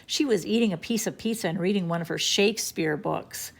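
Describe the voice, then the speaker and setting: A woman's voice: lowish voice, a little fast, creaky. A woman reading a children's chapter book aloud in a playful, storytelling manner. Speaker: storybook reader.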